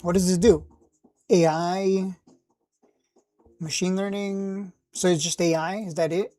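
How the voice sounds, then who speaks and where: A woman hosting a casual stock live stream, thinking aloud with lots of fillers and blunt asides, a little hoarse from losing her voice. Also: on the low side, steady tone, a little slow, warm tone, faint music behind. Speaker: stock livestream host.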